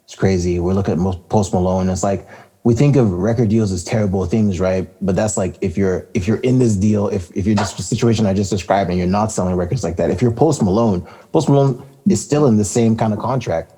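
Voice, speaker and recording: A man's voice: on the low side, brisk, warm tone, breathy edge. A man co-hosting a casual hip-hop podcast, talking in a laid-back, rambling way with lots of fillers and laughter. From Canada. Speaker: podcast co-host.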